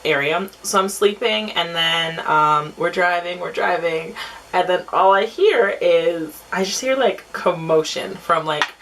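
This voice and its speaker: A young woman vlogger telling a story casually, chatty and animated. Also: unhurried, a little hiss or hum, low-quality recording. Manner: chatty, animated, acts out quotes in a high voice. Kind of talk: casual storytime while doing makeup.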